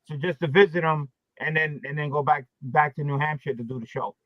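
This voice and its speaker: A man's voice: on the high side, fairly even intonation, brisk, no room sound, muffled recording. A man from Pennsylvania talking casually as a guest, chatty and swearing when he gripes. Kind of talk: casual chat.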